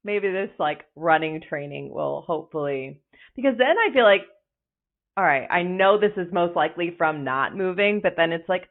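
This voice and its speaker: A woman hosting a podcast in casual chat, rambling and animated, often acting out little inner voices. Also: deep voice, normal speed. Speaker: podcast host. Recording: tinny call audio.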